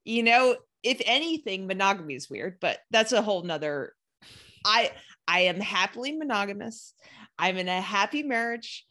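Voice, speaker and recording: A woman's voice: mid-range voice, animated, normal speed, pushed and bright. A woman co-hosting a podcast, giving opinions emphatically in casual chat. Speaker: podcast co-host.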